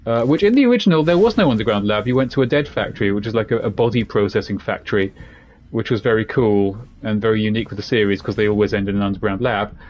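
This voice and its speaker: A man with a mid-range, slightly mellow voice streams a video game, giving laid-back, jokey let's-play commentary that rambles from one aside to the next.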